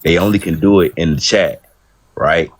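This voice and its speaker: A man calling into a live stream, talking casually and haltingly with many fillers. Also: deep voice. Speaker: live stream guest caller.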